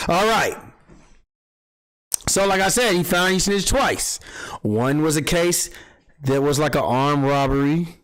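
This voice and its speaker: A man with a fairly high voice hosts a casual livestream talk show. He tells street gossip in an animated, profane way, acting out the people he quotes. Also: measured pace, long pauses, low-quality recording. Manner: animated storytelling, acts out quotes, swears freely. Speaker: podcast host.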